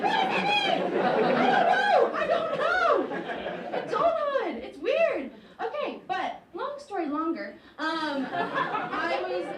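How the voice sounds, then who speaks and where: Animated young woman doing stand-up. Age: 20s. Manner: chatty, filler-heavy, jumps into excited high-pitched outbursts. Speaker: stand-up comedian. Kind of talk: stand-up comedy set. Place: university comedy club stage with a live audience. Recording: roomy, distant, faint crowd and noise.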